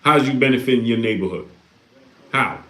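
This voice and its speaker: A man's voice: mid-range voice, animated, moderate pace, pushed and bright. A man hosting a livestream, talking casually and preaching with repeated rhetorical questions. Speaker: live stream host reading Super Chats. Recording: echoey room.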